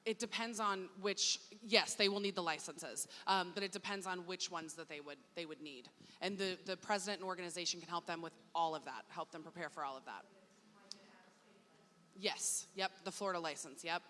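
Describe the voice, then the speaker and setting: A woman's voice: fairly low pitch, moderate pace, pushed and bright, slight background noise. A woman staff member hosting an orientation panel, motherly and reassuring in manner. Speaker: staff moderator. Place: performing arts hall. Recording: long hall reverb, faint ambience.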